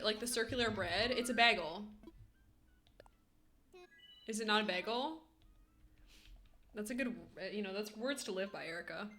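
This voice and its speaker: A woman's voice: fairly high pitch, pushed and bright. A woman streamer chatting casually with her viewers and laughing a lot, often breaking into giggling fits. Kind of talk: casual live-stream chat. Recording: faint music behind.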